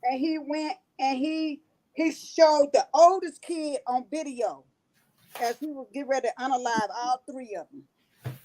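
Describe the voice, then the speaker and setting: A woman's voice: high voice, unhurried, warm tone, low-quality recording. A woman, hosting a casual chat and retelling a story with emphatic repetitions. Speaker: host.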